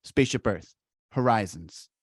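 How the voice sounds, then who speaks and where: A man's voice: fairly low pitch, expressive, normal speed, husky, no room sound, studio quality. A man co-hosting a podcast in casual, opinionated chat, wry and critical, often laughing. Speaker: podcast co-host.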